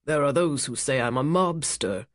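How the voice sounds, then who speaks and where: A narrator voicing a rich casino owner, a man who speaks with smooth, menacing charm. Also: medium pitch, normal speed, dry recording, studio quality, close to an everyday voice. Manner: smooth, commanding, cutting. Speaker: cruise ship owner.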